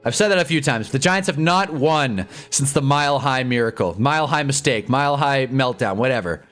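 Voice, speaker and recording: A man hosting a live football stream, rambling and sarcastic in casual commentary, then suddenly loud when a wild play breaks. His voice sits at an ordinary middle pitch. Faint music plays quietly behind him. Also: lively intonation, a little fast.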